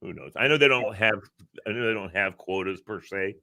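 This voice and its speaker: A man from Virginia, co-hosting a casual talk show, telling an animated story and acting out the quotes. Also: on the low side, fairly quick, dry recording, studio quality. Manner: animated, acts out quotes, laughs often. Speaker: podcast co-host.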